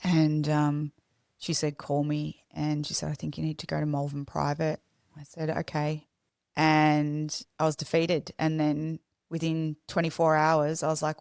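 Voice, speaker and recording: A woman's voice: low-pitched, monotone, a little slow, creaky, a little mellow, clear, resonant tone, no echo, studio quality. A young woman, a podcast guest, telling her story in a raw, confessional way with many restarts. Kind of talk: candid personal storytelling.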